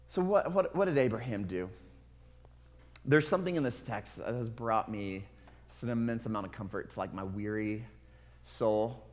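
A man preaching a sermon in an earnest, confessional way, moving from hushed to loud. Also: medium pitch, normal speed. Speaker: pastor. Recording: long hall reverb.

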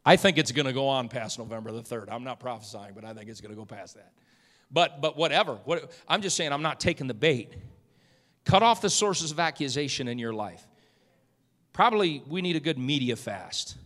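A male pastor preaching a sermon in church, swinging from loud, emphatic lines to quiet, conversational asides. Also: medium pitch, animated, fairly quick, long reverb tail. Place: church sanctuary.

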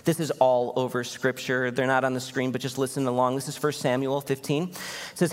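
A male pastor giving a sermon in a church, animated and conversational, often asking the congregation questions. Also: mid-range voice, a little fast. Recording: long hall reverb.

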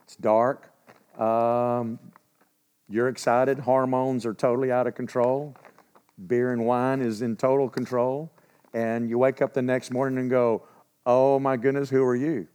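A man teaching from the Bible in a relaxed, conversational way, often clearing his throat and asking the listeners questions. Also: mid-range voice, measured pace.

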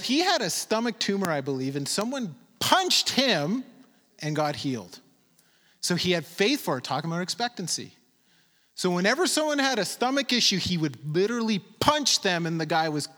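High, animated preaching man. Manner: emphatic, stretches words slowly for emphasis. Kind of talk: sermon. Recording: long reverb from a large hall.

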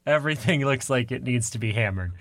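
A man chats loosely on a podcast, bright and forward in tone, laughing often between jokes. His voice is close and dry, with no room sound. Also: mid-range voice, expressive, moderate pace, dry recording. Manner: laughs often, jokey banter. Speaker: podcast co-host. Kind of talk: casual chat.

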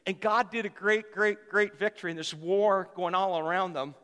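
Fervent preacher, man in his fifties, pitched high, repeats lines for emphasis, reverberant hall. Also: steady tone, moderate pace, fairly bright tone, clear, resonant tone. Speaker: pastor. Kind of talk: sermon.

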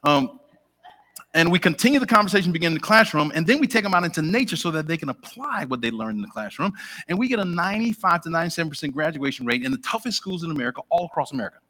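A man's voice: fairly high pitch, rapid-fire. A middle-aged man preaching a sermon in a church, chatting directly with his congregation and asking them questions. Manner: animated, conversational, talks directly with the congregation.

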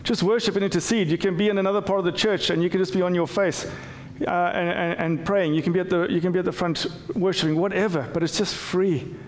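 Pastor preaching in a church hall. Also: male voice, sits high, fairly even intonation, quick pace, hardly any pauses, a little hiss or hum. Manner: conversational with frequent restarts. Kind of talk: sermon.

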